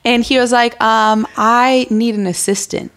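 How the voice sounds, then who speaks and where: A woman's voice: a little high, measured pace. A woman in her thirties, a podcast guest telling stories in casual conversation and acting out what people said. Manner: animated, acts out quoted dialogue. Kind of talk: casual interview storytelling.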